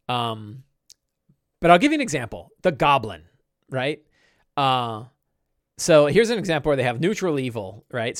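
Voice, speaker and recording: A middle-aged man hosting a casual live-stream chat, rambling and animated, with many fillers and restarts. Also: medium pitch, dry recording, clean studio sound. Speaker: podcast host.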